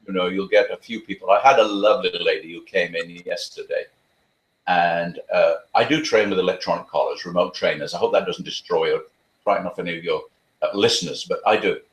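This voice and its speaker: Man, low register, chatty storyteller and dog trainer, echoey room sound. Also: brisk. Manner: chatty anecdotal, playful sarcasm. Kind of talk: storytelling interview answers. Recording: roomy echo.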